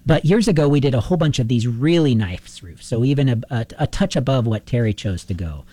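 A middle-aged man talks shop as a roofing contractor, spinning animated anecdotes. His voice is warm and mellow, recorded close and dry with no room sound. He slips into quoted dialogue with ease. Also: mid-range voice, brisk, no room sound. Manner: animated anecdotes, acts out quoted phone calls. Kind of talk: casual interview storytelling.

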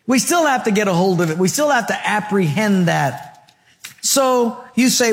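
High-voiced animated male preacher. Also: moderate pace. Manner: animated preaching with audience questions. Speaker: pastor. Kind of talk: sermon.

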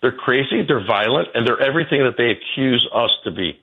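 A man's voice: animated, fairly quick, slightly rough, narrow, tinny audio. A man in his sixties, a guest on a radio show, telling stories in a rambling way and repeating his words. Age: 60s. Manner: rambling, repeats words, quotes people in a high voice. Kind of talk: casual radio conversation.

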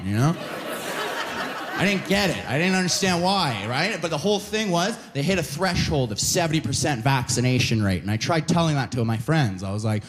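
Lively Canadian-raised man doing stand-up. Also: on the high side, fast talker. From Alberta, Canada. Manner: animated, many quoted voices, frequent "you know". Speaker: stand-up comedian. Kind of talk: stand-up comedy set. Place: comedy club stage before a live crowd.

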